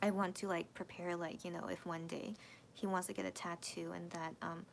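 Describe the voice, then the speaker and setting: Gravelly-voiced woman chatting on a livestream. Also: fairly low pitch, little pitch movement, normal speed, a little hiss or hum. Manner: hesitant, thinking aloud with many restarts. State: emotional, voice cracking near tears. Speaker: livestream host reading viewer comments. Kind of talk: casual late-night livestream chat.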